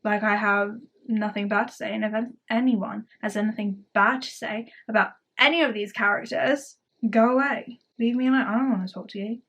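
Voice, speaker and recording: A woman's voice: mid-range voice, fairly even intonation, moderate pace, fairly bright tone. A woman chatting casually to camera as a book vlogger, gushing and rambling with lots of "like".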